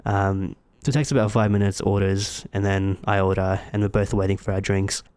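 A man's voice: deep voice, fairly quick, clean tone. A man telling a story in casual chat, acting out each person's lines. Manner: animated storytelling, acting out dialogue.

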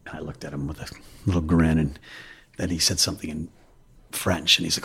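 A man's voice: very deep voice, flat delivery, fairly quick, fairly bright tone. A man being interviewed as an investor, speaking candidly in a loose, anecdotal, self-deprecating way. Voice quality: raspy. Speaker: investor guest.

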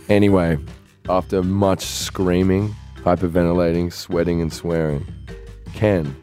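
A man's voice: low voice, steady tone, unhurried, pauses often, warm tone, faint music behind. A man co-hosting a podcast, telling a long story in casual chat and acting out his friends' voices as he goes. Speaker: podcast co-host.

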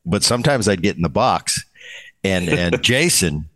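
A man's voice: low voice, moderate pace. A middle-aged man hosting a podcast, telling stories in casual chat and acting out the voices he quotes, with many restarts. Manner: animated, acts out quoted voices, frequent restarts. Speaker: podcast host, former player. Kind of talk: casual conversational storytelling.

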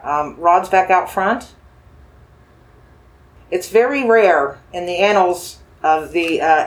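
Slow yes-or-no questions come from a paranormal investigator gently addressing a spirit with dowsing rods. Speaking at a medium pitch, they coax, reassure, and repeat phrases.

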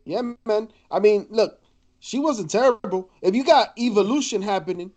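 Casual co-host, high-pitched man, slangy and joking. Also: moderate pace, darkish tone. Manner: loose, joking, slangy banter. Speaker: podcast co-host. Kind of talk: casual wrestling chat.

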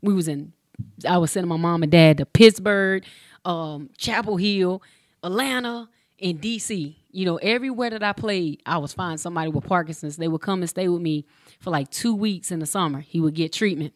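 A woman in her forties who used to play pro basketball tells a personal story in a low-leaning voice, speaking a little fast. She's animated and casual, acting out the dialogue with slang, and the studio-quality recording is dry.

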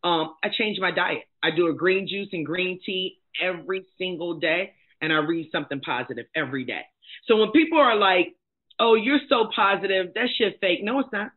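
A middle-aged woman, a life coach and motivational speaker, telling her own story as a guest, blunt and emphatic in a candid, animated way. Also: on the low side, moderate pace, husky. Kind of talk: candid personal storytelling in conversation. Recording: tinny phone-like sound.

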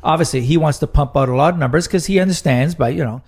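A man's voice: fairly high pitch, fast talker, a little mellow, husky. Rambling joking middle-aged man. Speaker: podcast co-host. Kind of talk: casual chat.

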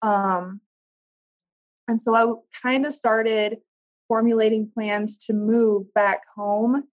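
Woman telling a painful story haltingly. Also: a little high, highs cut off. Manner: halting, with restarts and soft trailing pauses. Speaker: guest. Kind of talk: personal story in conversation.

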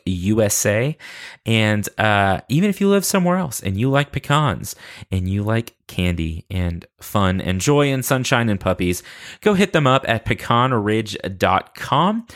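Goofy chatty young podcast host. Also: male voice, fairly low pitch. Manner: goofy, self-deprecating, chatty. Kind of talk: casual podcast intro.

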